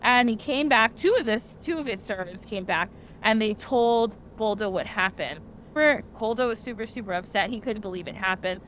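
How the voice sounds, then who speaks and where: A young woman hosting a podcast, casually retelling an old tale in a chatty, animated way with lots of "like" fillers. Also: mid-range voice, normal speed, slight background noise. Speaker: podcast host. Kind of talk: casual storytelling.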